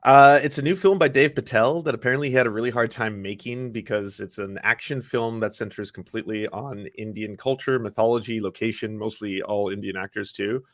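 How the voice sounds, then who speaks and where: Rambling low-voiced man, dry sound. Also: a little fast, hardly any pauses, no room sound. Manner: rambling, many restarts and fillers. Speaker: podcast co-host. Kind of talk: casual panel chat.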